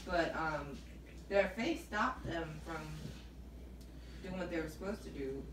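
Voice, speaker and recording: Woman speaking slowly from far off. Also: sits low, lively intonation. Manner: slow, thoughtful, with "um" pauses. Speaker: Bible study participant. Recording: echoey room, far from the mic, noise.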